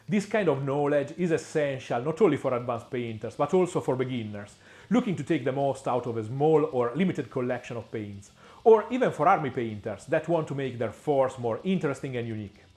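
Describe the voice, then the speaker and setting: In a mid-range, darkish voice, a man walks through a scripted painting tutorial. He is measured and explanatory, pausing briefly and often, and drops the occasional dry aside.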